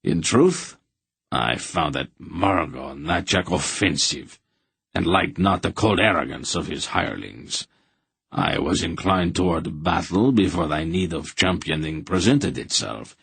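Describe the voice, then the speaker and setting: A man's voice: low voice, animated, gravelly, fairly bright tone, breathy edge, no room sound, full character voice. A man voicing a courtly, chivalrous knight who speaks in archaic, formal phrases. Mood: candid. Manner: archaic formal speech, measured and slow.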